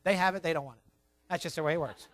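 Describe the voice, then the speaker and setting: A man preaching a sermon, emphatic and repetitive, telling his listeners to write points down, swinging between quiet asides and loud stressed words. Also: on the high side, very fast. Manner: emphatic, repeats key points, tells listeners to write things down. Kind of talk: sermon on child training.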